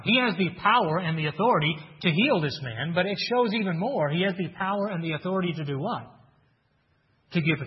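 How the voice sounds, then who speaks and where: A man preaching a sermon in an earnest teaching tone, asking rhetorical questions and reading scripture aloud. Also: a little high. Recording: dull sound with long hall reverb.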